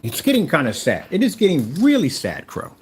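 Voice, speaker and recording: Mocking guy ranting at a rival, pitch jumping all over, faint hiss behind. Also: huge pitch swings, a little fast. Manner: taunting, mocking, repeats himself. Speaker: YouTuber calling out a rival seller. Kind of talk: heated callout rant.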